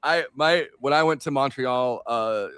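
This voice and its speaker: A man's voice: medium pitch, measured pace, fairly bright tone, clear, resonant tone, dry recording. Rambling man on a political stream. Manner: rambling, many fillers and restarts. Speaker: co-host. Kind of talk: casual political chat.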